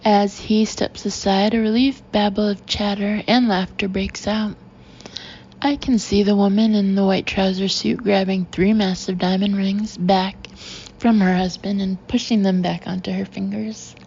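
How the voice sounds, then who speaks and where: Woman audiobook narrator, first person, wry, gravelly, lo-fi. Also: medium pitch, little pitch movement, measured pace, a little mellow, slight background noise.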